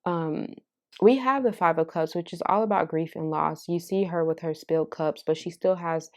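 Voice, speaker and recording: A woman's voice: fairly low pitch, normal speed, a little mellow. A woman reading tarot cards for her viewers in a casual, candid and heartfelt way, with some swearing. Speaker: tarot card reader.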